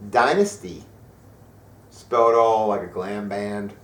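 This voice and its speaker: A man's voice: fairly low pitch, animated, a little fast. A male show host in casual, jokey banter about metal news, often slipping into silly impressions. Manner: jokey, mimics others with silly voices. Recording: roomy echo, mic at a distance.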